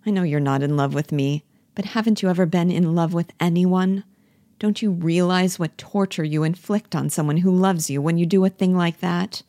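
Bitter jealous wife in a stage play, woman reading it, cutting and pleading, low voice. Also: moderate pace, warm tone, no room sound, studio quality.

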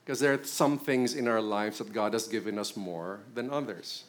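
A man's voice: on the low side, moderate pace. A middle-aged man with a Filipino accent, preaching a sermon in a conversational way and putting questions to his congregation. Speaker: pastor.

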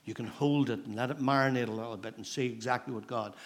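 A man's voice: mid-range voice, quick pace. A middle-aged man with a Northern Irish accent, a pastor preaching a sermon in a church in a conversational storytelling manner, repeating phrases for emphasis.

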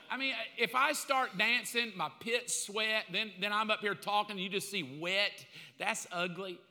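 A man preaching a sermon with comic asides, bursting into loud acted-out calls now and then. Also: sits high, measured pace. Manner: comic, animated, acts out quotes in loud bursts. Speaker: pastor. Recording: long hall reverb.

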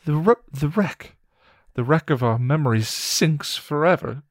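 A man's voice: fairly high pitch, expressive, unhurried, no echo, clean studio sound, voice pushed up. A man voicing a timid, frightened young man who stammers and pleads in fear.

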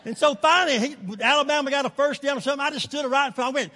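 An older man, preaching a sermon as pastor, telling stories in an animated way and chuckling between lines. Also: very high-pitched, quick pace, hardly any pauses, big-room sound, a little hiss or hum.

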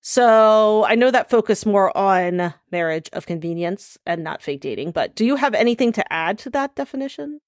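A woman's voice: medium pitch, lively intonation, normal speed, few pauses, no echo, clean studio sound. A woman co-hosting a podcast who leads the segment and reads a definition aloud in an organized way. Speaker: podcast co-host. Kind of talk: casual chat and reading aloud.

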